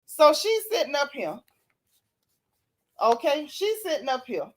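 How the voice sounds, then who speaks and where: A woman hosting a casual live-stream recap, reading viewer comments and talking with sassy, animated flair, often yawning and laughing. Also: sits high, unhurried. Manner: sassy, animated, Southern Black vernacular gossip. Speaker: reality TV recap host reading live chat.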